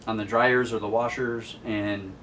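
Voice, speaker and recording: A man's voice: lowish voice, steady tone, measured pace, fairly bright tone, distant mic, slight background noise. A man hosting a casual comic book recap in an amused, chatty storytelling manner. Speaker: host.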